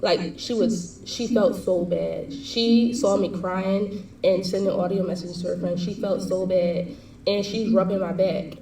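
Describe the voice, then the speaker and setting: A woman's voice: lowish voice, steady tone, warm tone, slight background noise. A young woman vlogger telling a personal story in a casual, heated, slang-heavy way. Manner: heated, fast slangy retelling. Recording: echoey room, distant mic.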